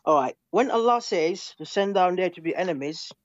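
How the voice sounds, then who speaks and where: A man from England with an English accent, in an online religious debate, defensive and asking to explain while reading verses slowly. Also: high-pitched, animated, dry recording, highs cut off. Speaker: debate caller.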